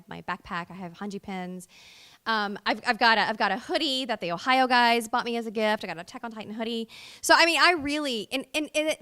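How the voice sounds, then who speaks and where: Chatty woman voice actress, rambling answers. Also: fairly high pitch. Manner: rambling and animated, many fillers and restarts. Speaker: voice actress guest. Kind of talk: casual convention interview. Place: fan convention.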